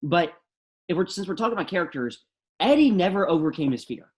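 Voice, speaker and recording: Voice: mid-range voice, very animated, a little fast. A podcast co-host chatting casually, making critical points with rhetorical questions. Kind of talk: casual chat.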